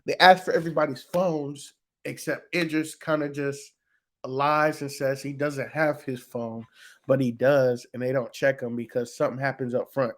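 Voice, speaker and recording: A man's voice: mid-range voice, fairly even intonation, normal speed, fairly bright tone. A man casually recapping a TV episode for his channel, loose and profane, with lots of fillers. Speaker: reaction video host.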